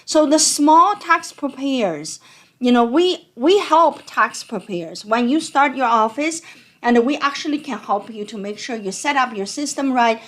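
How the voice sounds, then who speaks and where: A woman accountant with a non-native accent, giving a conversational, animated talk to explain tax scams. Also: sits high, unhurried. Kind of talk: educational talk.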